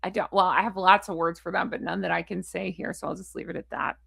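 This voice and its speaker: A woman's voice: on the low side, fairly even intonation, fast talker, vocal fry, fairly bright tone, slightly rough, dry recording, clean studio sound. A woman vlogger in casual chat to camera, frustrated, blunt and ranting, with a chatty, rambling sign-off. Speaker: royal commentary vlogger.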